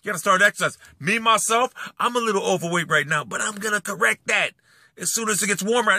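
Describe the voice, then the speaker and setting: A man ranting angrily in a video blog, swearing and repeating himself as he moves from brooding talk to shouting. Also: high-pitched, fast talker, dry recording, studio quality. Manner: profane, repetitive, swings between brooding and shouting. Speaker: YouTuber. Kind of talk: angry rant vlog.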